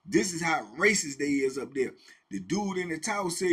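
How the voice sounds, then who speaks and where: Husky middle-aged guy telling a prison story, bright sharp voice, higher pitched, lots of sound effects. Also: animated, moderate pace. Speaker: host telling prison stories. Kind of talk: casual storytelling.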